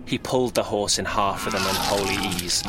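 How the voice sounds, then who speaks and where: A man's voice: deep voice, brisk, noisy background. A man telling a spooky holiday story with dramatic, rhythmic narration. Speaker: podcast storyteller.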